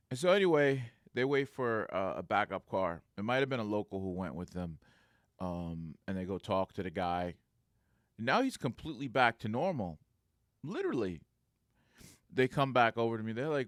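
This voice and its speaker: Security supervisor man, mid pitch, dry, animated casual storyteller who laughs a lot. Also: moderate pace, dry recording. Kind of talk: casual anecdote.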